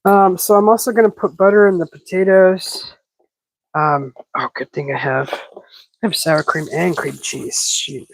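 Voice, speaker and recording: A woman chats her way through a home cooking livestream, improvising as she goes and jumping up into excited greetings. Her breathing is a bit heavy and audible. The sound is dry and close. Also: a little slow, vocal fry, no echo, poor audio. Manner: chatty, improvising, bursts into excited high squeals greeting chat. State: breathing heavily. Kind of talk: casual cooking livestream chat.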